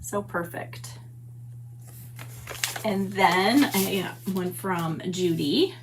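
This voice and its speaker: Speaking very slowly in a voice on the low side, a middle-aged woman chats warmly with her papercraft livestream audience from her home stamp room. She gushes as she welcomes each viewer by name, with background noise audible throughout.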